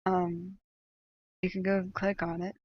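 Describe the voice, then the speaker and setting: A woman's voice: fairly low pitch, a little slow, dull audio, slight background noise. A woman hosting a livestream, talking casually and animatedly, with fillers and rants. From United States. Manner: animated, ranting, chatty with laughs and fillers. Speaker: livestream host tracking wildfires.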